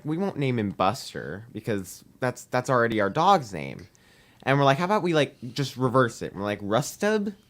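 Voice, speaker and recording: A teenage boy sits in as a podcast guest and tells a story the loose, chatty way. He leans on "um" and "we're like" to act out each exchange, at an ordinary pitch for a young man. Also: a bit bright. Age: teens. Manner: rambling, heavy use of "we're like" and "um". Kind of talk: casual anecdote telling.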